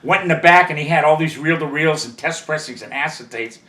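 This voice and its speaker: Older man telling rambling stories, bright voice. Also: a little high, brisk, echoey room. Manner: rambling, profane, full of "you know" asides. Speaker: interview guest, record industry veteran. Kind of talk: casual storytelling.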